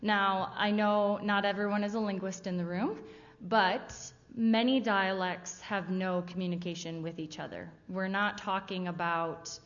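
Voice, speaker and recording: A woman's voice: medium pitch, steady tone, a little slow. A woman giving a casual, conversational missionary presentation to a church audience. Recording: dull sound with long hall reverb.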